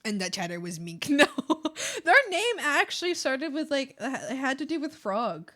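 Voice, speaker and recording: A woman's voice: high-pitched, big pitch swings, moderate pace, a bit bright. A young adult woman streamer chatting casually with her viewers, rambling with many fillers and frequent giggles. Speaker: art streamer.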